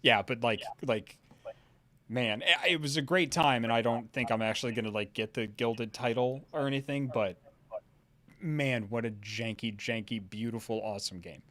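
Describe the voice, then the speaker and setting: Bright-voiced man telling stories with gusto. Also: mid-range voice, moderate pace. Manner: animated, profane storytelling. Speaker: stream co-host. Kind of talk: casual chat.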